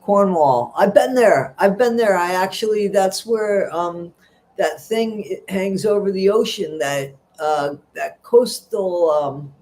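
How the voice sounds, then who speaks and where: Middle aged guy on a livestream, gossipy and rambly, voice sits a bit high. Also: slow pace, darkish tone. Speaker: livestream host. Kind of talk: casual livestream chat reading comments.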